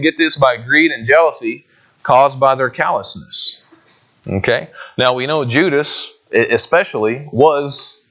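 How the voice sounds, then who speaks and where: A man's voice: mid-range voice, pushed and bright, highs cut off. A man preaching a sermon in a conversational way, often asking his listeners questions. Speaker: pastor.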